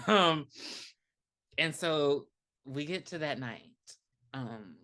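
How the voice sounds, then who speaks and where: A woman's voice: deep voice, animated, extremely slow, a bit bright. A woman co-hosting a podcast, casually retelling a movie with lots of fillers and laughter. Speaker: podcast co-host. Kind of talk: casual movie review chat.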